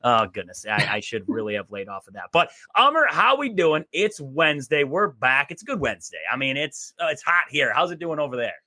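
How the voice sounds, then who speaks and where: A man hosting a casual sports radio show with a hoarse, worn voice, rambling energetically and repeating himself. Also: on the high side, very animated, brisk, few pauses, pushed and bright, no echo, clean studio sound. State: hoarse, voice going.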